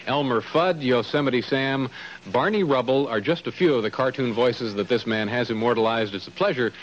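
A man hosting a talk show who asks his questions haltingly, full of fillers. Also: mid-range voice, highs cut off, slight background noise.

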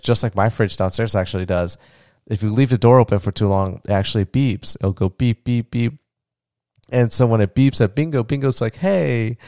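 A man talks through his day on a casual solo podcast, with fillers and restarts and a lot of tenderness. His voice is low-pitched and gravelly yet smooth and resonant. The recording is dry and close, with no room sound. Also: a little mellow, no echo. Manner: rambling, heartfelt, gets emotional; many fillers and restarts, tender when talking about his child. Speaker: podcast host.

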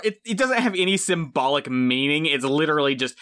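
A man co-hosting a casual movie review podcast, excitable, swearing freely and laughing often. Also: fairly high pitch, a little fast, hardly any pauses. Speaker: podcast co-host.

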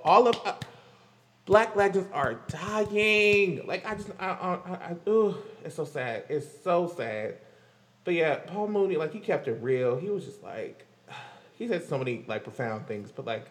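High-voiced man rambling pop-culture commentary. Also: big-room sound. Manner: rambling, laughing often, stammering restarts. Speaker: vlogger.

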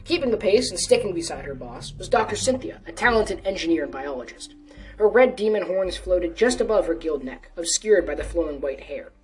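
A woman's voice: on the low side, expressive, brisk, darkish tone. A woman narrating a story in a casual reading voice, now and then correcting herself. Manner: casual, with small self-corrections. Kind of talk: storytelling reading of a fan fiction. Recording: distant mic with faint music.

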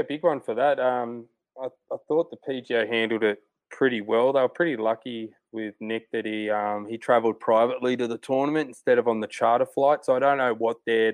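Male co-host, casual rambling sports chat, mid-pitched, dry close recording. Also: fairly even intonation, a little fast, no room sound. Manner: rambling, many fillers and restarts. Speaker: golf podcast co-host.

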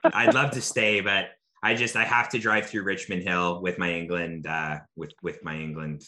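A man's voice: sits low, fairly even intonation, moderate pace, pushed and bright. A male podcast co-host in casual chat, jokey and rambling.

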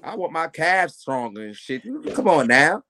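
A man co-hosting a podcast in casual chat, ranting in a profane, animated way. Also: fairly high pitch, moderate pace, background noise. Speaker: podcast co-host.

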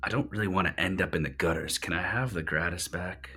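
A man doing a nervous, shifty street dealer in a tabletop game, cagey and repeating himself. The voice sits very low. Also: quick pace, bright, forceful tone, husky, exaggerated voice. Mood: pleading. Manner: evasive, jumpy, keeps repeating himself.

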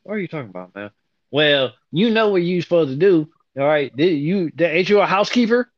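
A man with a fairly high, lively voice tells a rambling, profane story and jumps up and down in pitch as he acts out each quote. The recording is dry, with no room echo, and sounds dull and lo-fi. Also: brisk. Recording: dull lo-fi audio.

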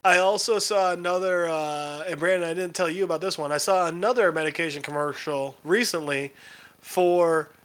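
A sarcastic man trading jokes on a casual podcast. He tells stories in an animated way and leans on dry irony. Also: on the high side, moderate pace, smooth. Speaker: podcast co-host. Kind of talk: casual chat.

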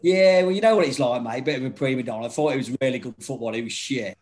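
A man's voice: medium pitch, fast. A middle-aged man, telling rowdy anecdotes in casual chat, laughing often and swearing freely. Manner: laughing, swearing, animated storytelling.

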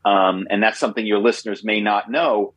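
Husky man telling stories in an interview. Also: fairly low pitch, brisk, dry recording, rough recording. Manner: animated, repeats himself, tag questions. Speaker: guest, former corporate spy. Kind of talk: interview storytelling.

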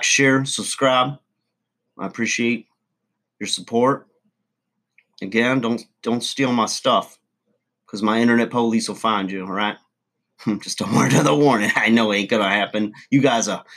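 A man's voice: fairly low pitch, a bit bright. A man, hosting a podcast as a folksy, rambling storyteller in a comic monologue. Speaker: podcast host.

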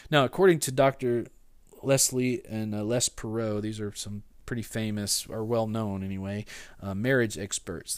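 A man preaching a sermon in a conversational way, often restarting his sentences and acting out quoted lines with sudden jumps in pitch and loudness. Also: no echo, clean studio sound. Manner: conversational, with repeated restarts and playful sarcasm. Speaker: pastor.

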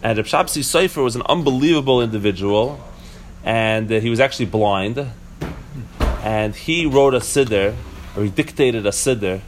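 A man's voice: medium pitch, normal speed, slight background noise. A man giving a casual Torah class to a few listeners, explaining step by step with frequent restarts and rhetorical questions. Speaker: teacher.

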